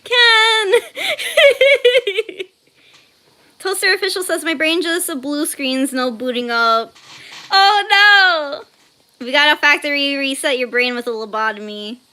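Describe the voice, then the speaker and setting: High, bright-voiced young woman streamer. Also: a little fast, hardly any pauses. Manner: reads chat messages aloud, laughs often, squeals when surprised. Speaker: art livestream host. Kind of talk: casual livestream chat while drawing.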